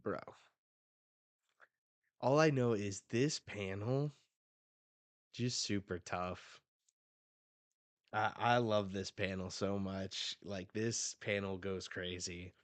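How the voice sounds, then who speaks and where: A man reacting on a live stream as he reads a manga, talking casually and excitedly into a close desk mic. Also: on the low side, slow, pauses often, no room sound.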